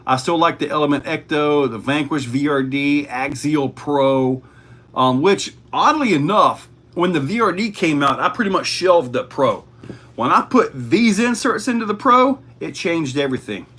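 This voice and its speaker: A man's voice: a little high, expressive, measured pace, fairly bright tone. A man hosting a casual livestream, reading chat questions aloud and answering in a laid-back way.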